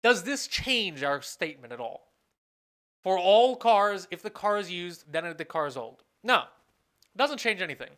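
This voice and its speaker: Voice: medium pitch, very animated, a little slow, a bit bright. A professor giving a recorded lecture, thinking aloud, asking questions and answering them, and often correcting themself mid-sentence. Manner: asks the class questions and then answers them.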